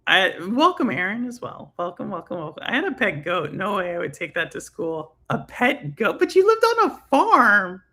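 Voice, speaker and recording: A young woman hosts a live stream, reading chat and talking casually with her viewers, laughing often and using plenty of fillers. Her medium-pitched voice is sing-song, bright and pushed, moving at a moderate pace with hardly any pauses.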